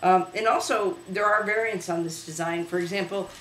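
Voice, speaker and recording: A woman's voice: lowish voice, steady tone, moderate pace, fairly bright tone, slight background noise. Chatty woman hosting in an echoey room. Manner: chatty, hesitant, many fillers. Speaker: host. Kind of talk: casual home video show. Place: home room.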